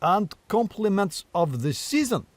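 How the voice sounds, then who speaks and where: A man voicing a huge, prickly reindeer who speaks stiffly and slowly. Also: high-pitched, big pitch swings, dry recording, pitched above the performer's own voice. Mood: tart. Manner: stiff, tart, slow and deliberate.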